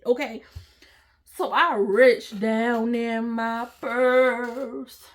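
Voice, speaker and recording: A woman tells a story to her viewers, dramatic and full of slang. Her voice is a touch high, and her delivery is big and expressive. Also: slow. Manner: dramatic, talks straight to the viewers with slang and exaggeration. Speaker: storytime vlogger. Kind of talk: animated storytime vlog.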